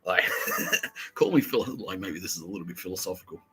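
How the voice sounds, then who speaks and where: A man hosting a crude comedy podcast, swearing freely, laughing often and mimicking people in quick asides. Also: low voice, lively intonation, pushed and bright, a little hiss or hum, low-quality recording. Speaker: podcast host.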